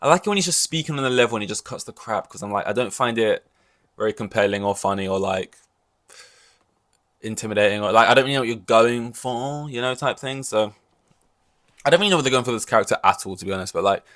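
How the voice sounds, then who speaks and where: A man's voice: medium pitch, fast, a bit bright. A man hosting a podcast in loose, rambling casual chat, full of "like" and the odd swear word. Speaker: podcast host.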